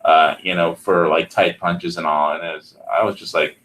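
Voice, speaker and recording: A man in casual chat, a recording engineer who rambles excitedly and trails off mid-sentence. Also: sits low, moderate pace.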